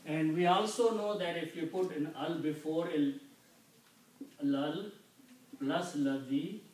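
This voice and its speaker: A man teaching Quranic Arabic vocabulary, explaining each word slowly and patiently, often checking in with "Okay?". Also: a little high, a little mellow. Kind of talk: slow explanatory lesson. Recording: echoey room, mic at a distance, faint noise.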